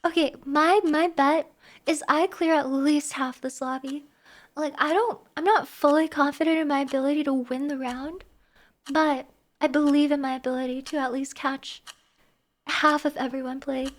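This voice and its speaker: A woman's voice: high-pitched, fairly even intonation, moderate pace. A woman streaming a game live, chatting to her viewers in a playful, teasing way. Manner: playful, teasing, talks to the chat. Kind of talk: live gameplay chat with viewers.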